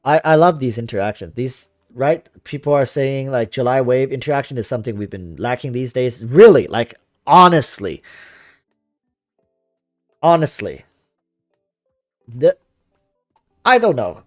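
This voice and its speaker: This young man has a calm, relaxing voice that still bounces up and down in pitch as he rambles. He reads out and answers viewer comments on a casual game stream. The sound is close and dry, with faint music underneath. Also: unhurried, pauses often, no room sound. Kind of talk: casual livestream chat.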